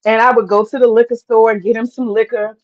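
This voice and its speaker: A woman's voice: fairly high pitch, level tone, quick pace, lo-fi sound. A woman hosting a live stream, telling a story in a candid, chatty way, swearing freely and talking to the chat. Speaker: host.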